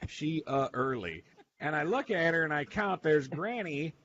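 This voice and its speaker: A man's voice: fairly high pitch, animated, normal speed, fairly bright tone. A man telling a rambling, profane story in a casual radio chat. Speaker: regular panelist, veteran. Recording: dull lo-fi sound, faint noise.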